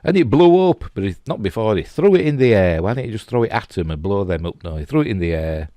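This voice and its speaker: A middle-aged Yorkshire-accented man from England, acting as host, comments on pictures in a fast, chatty ramble full of chuckling asides. His voice is lowish and dark-toned with lively intonation, and there is no room sound.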